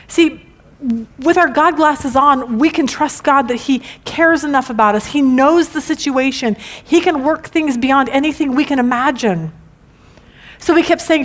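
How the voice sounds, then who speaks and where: Middle-aged woman Bible teacher, high voice, emphatic, restarts often. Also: unhurried. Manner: animated and emphatic, with frequent restarts. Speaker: women's Bible study teacher.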